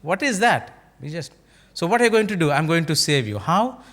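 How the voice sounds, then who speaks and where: This Indian English-accented pastor's voice is slightly high for a man, bright and sing-song, moving at a normal speed. His sermon brings stories to life through acted-out dialogue, and he repeatedly poses rhetorical questions to the congregation.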